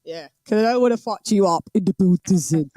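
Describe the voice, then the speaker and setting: A woman hosting a boxing livestream, chatting casually with patois slang and lively banter. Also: mid-range voice, brisk, no room sound.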